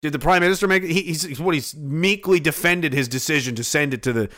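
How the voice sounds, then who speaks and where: On a live stream, a Canadian man rants angrily about politics, profane and heated, mocking the voices of others. His voice is a little high, fairly bright, and slightly fast.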